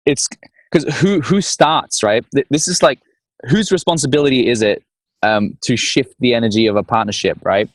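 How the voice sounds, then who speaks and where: A man speaking as a guest in a conversation, telling stories in a playful, animated way and acting out little scenes. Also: mid-range voice, normal speed, no echo. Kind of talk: conversational storytelling.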